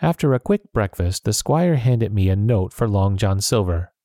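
A man narrating a story in a measured, steady reading. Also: on the low side, dry recording, studio quality.

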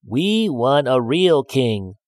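A man's voice: mid-range voice, very animated, slow pace, darkish tone, dry recording, studio quality, voice pushed up. A man doing whiny little storybook frogs. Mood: pleading. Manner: whiny, pleading, petulant. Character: chorus of small fussy discontented frogs.

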